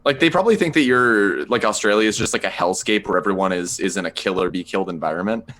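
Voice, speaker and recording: Deep-voiced young man, halting speech. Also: lively intonation, fairly bright tone. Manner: hesitant, filler-heavy speech. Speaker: university student. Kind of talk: casual chat over voice call.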